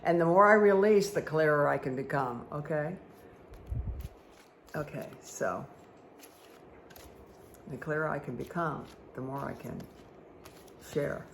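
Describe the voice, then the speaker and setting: A woman's voice: low voice, sing-song, measured pace, gravelly, pauses often, background noise. A woman giving a card reading for her viewers, chatty and rambling, who often checks in with "okay?". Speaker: spiritual guide reading tarot and angel cards. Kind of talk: casual talk to viewers while reading cards.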